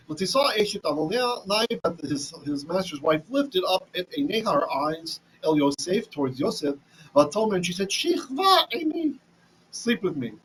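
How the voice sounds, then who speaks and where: A man's voice: fairly high pitch, slight background noise, rough recording. A man teaching a casual Bible lesson, chatty, often restarting and asking "right?", reading Hebrew with an Ashkenazi accent. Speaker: Torah teacher.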